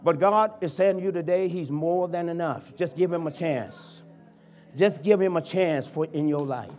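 High-voiced man preaching with fervor. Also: normal speed. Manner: impassioned preaching that swings from hushed to shouting. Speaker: bishop. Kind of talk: sermon. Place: church sanctuary.

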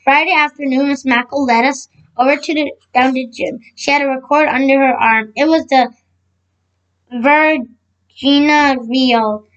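High-voiced woman reading a children's book. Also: fairly even intonation, measured pace, a bit bright, highs cut off. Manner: frequent slips and self-corrections. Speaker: storybook reader. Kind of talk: children's book read-aloud.

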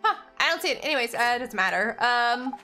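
A woman's voice: on the high side, expressive, quick pace, bright, forceful tone, soft background music. A young woman casually talking through a game as she plays, thinking aloud and chatting to viewers. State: has the hiccups. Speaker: gaming channel host. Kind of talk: casual gameplay commentary.

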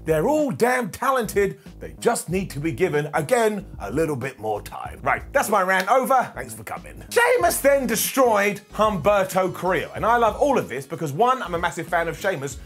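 A man reviewing a wrestling show in a sarcastic, jokey, animated rant. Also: high voice, normal speed, hardly any pauses, soft background music.

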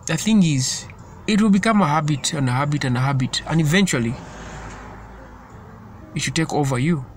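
A man's voice: a little high, moderate pace, a little hiss or hum. A man giving an informal sermon in an earnest, repetitive way, often stumbling and restarting his sentences. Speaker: preacher.

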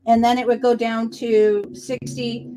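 A woman with a Boston accent hosts a casual crafting livestream, telling stories in a rambling way and correcting herself as she goes. Her voice is on the high side, warm, unhurried, and fairly flat in pitch.

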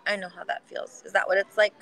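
A woman speaking in a gentle, nurturing tone during an intimate heart-to-heart conversation. She talks loosely, with plenty of "like" and "you know" fillers, and sounds protective and reassuring. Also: medium pitch, flat delivery, quick pace, rough recording. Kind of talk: supportive heart-to-heart chat.

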